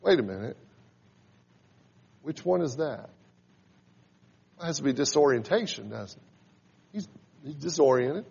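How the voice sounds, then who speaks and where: A man's voice: a little high, animated, measured pace, gravelly, pauses often, darkish tone, slightly rough. A man in his forties preaching a sermon, teaching in a conversational way and reading scripture aloud with rising emphasis. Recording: dull sound in a reverberant hall.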